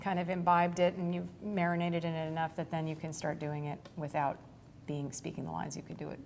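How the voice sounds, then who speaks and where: A woman in her forties chats through an interview with a fairly low voice. She tells her stories with energy, piles on fillers and laughs often, over a faint low rumble. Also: fairly quick, gravelly. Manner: animated storytelling, laughs often, many fillers. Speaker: actor guest. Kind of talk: casual interview chat.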